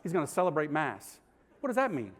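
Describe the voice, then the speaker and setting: Male priest-speaker, high-pitched, animated comic storyteller, slangy. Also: a little fast. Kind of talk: humorous conversion story told to an audience.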